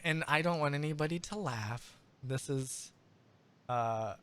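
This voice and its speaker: A man's voice: a little high, a bit bright, clear, resonant tone. A man in his thirties running a tabletop game as game master, talking casually and rambling, often stopping to restart his sentences. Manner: rambling, halting, self-interrupting.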